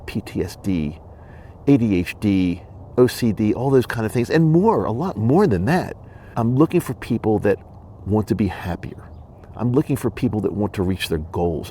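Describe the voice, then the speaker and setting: Man, podcast host, low voice, earnest and emphatic, solo monologue, faint background noise. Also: dark tone. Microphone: studio microphone and camera.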